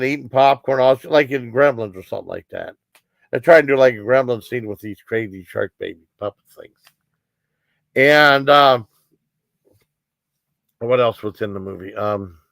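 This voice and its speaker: A man's voice: medium pitch, vocal fry, fairly bright tone, no echo. A man casually recapping a shark movie on his livestream, rambling with lots of fillers and quoting the characters. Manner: rambling, full of fillers and quoted lines. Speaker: streamer reviewing a movie.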